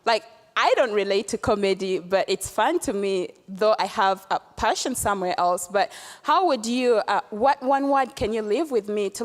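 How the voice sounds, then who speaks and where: A young woman from Uganda asking a question from the audience, excited and hesitant, with many fillers. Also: mid-range voice, long reverb tail.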